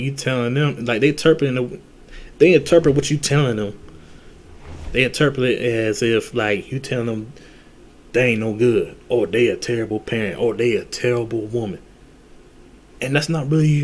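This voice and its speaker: A man giving dating advice in a casual, blunt monologue, full of slang, cursing and restarts. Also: mid-range voice. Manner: blunt, heavy slang and cursing, repeats himself.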